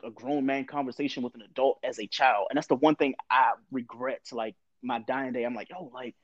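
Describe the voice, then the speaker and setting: A man in his thirties talks in a candid, profane storytelling way. The sound is dry and a bit dull. His pitch sits in an average range for a man. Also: dry recording. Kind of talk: casual conversation.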